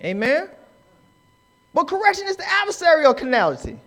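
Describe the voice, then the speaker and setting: Man preaching in church, real high voice, gets loud and punchy, acts out folks he's quoting. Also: sing-song, a little fast. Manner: emphatic preaching, rising to shouts, acts out quoted people. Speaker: pastor. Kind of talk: live sermon. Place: church sanctuary.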